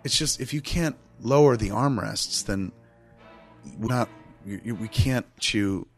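A man putting on a timid female flight attendant who keeps stammering and apologizing in a near-whisper. Her halting words trail off quietly and never land firmly, set against faint background music. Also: on the low side, voice pushed down. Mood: hushed apologetic.

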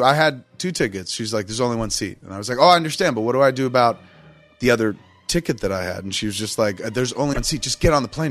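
A man's voice: mid-range voice, fairly bright tone. A man casually telling a long, rambling, profane story on a podcast, acting out what everyone said. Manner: profane, rambling, acts out quotes.

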